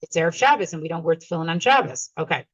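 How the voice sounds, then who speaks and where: A woman's voice: low voice, expressive, rapid-fire, no echo, dull audio. A woman giving a Talmud class, reading the text and translating it line by line, checking in with her listeners as she goes. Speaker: teacher.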